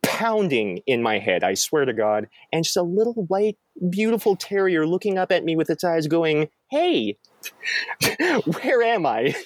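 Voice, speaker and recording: A young man telling a story in a casual chat, animated and acting out quoted lines in a raised voice. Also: fairly high pitch, moderate pace, few pauses, dry recording. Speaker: storyteller guest.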